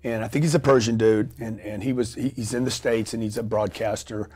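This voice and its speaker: A middle-aged man telling a story as a guest on an interview show, animated and profane, acting out scenes with sound effects and quoted voices. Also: fairly low pitch, a little fast.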